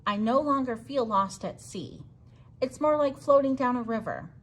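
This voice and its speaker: A woman with a fairly high voice reads a children's picture book aloud. Her tone is breathy and slightly husky. She tells the story gently and earnestly. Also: animated, normal speed. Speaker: storybook reader.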